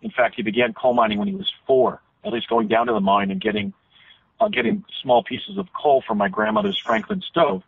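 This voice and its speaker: Over a tinny phone line, a man being interviewed tells a detailed story, often restarting and correcting himself. His high-pitched voice is sing-song, a little fast, husky and marked by vocal fry.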